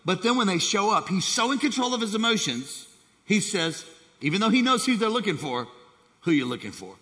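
Preaching at a fairly quick clip, this male pastor has a high, bright, forceful voice that swings from hushed remarks to eager bursts while he addresses the congregation. The sound carries a long reverb from a big church hall.

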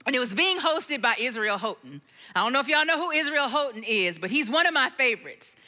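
Delivering a sermon testimony, this middle-aged worship leader recounts her story with expression, slipping into hushed tones and breaking into bits of song lyrics. She speaks briskly and animatedly, with a voice that sits high.

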